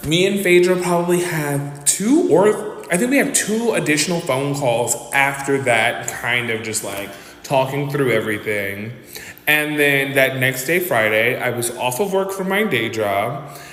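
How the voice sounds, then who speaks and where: A man's voice: mid-range voice, unhurried. A man telling a dramatic storytime in casual commentary, acting out the people he quotes. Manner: animated, dramatic retelling that acts out quotes. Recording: echoey reverberant room with faint noise.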